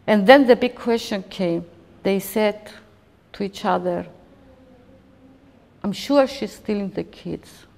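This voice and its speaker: A woman in her fifties giving halting, emotional documentary interview testimony, often restarting her sentences. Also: medium pitch, vocal fry, a little mellow. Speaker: interviewee recounting a personal ordeal. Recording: long hall reverb.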